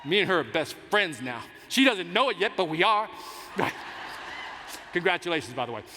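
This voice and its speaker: A man giving a motivational sales keynote on stage in a large conference hall, telling stories in an animated, self-mocking way. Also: high voice, fairly quick, noisy background. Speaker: keynote speaker. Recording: reverberant hall with faint ambience.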